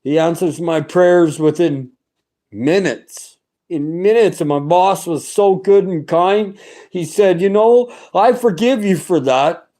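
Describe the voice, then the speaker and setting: A man's voice: high-pitched, slow pace, dark tone. A middle-aged man giving a personal religious testimony, talking in an earnest, rambling and fervent way with many restarts.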